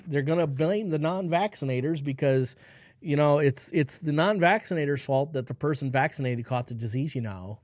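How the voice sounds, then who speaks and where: A man's voice: fairly high pitch, a little mellow, no room sound, studio quality. A man in his forties hosting a health radio show, reading news headlines and breaking into sarcastic, ranting asides. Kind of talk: solo health news commentary.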